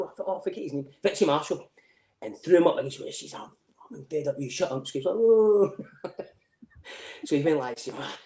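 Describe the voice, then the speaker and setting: A middle-aged Scottish man spins story after story, his voice sitting a little high, and he laughs easily between lines. His voice rings around a roomy, echoey space. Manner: animated storyteller, laughs often, swears freely. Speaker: podcast guest. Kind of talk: casual chat.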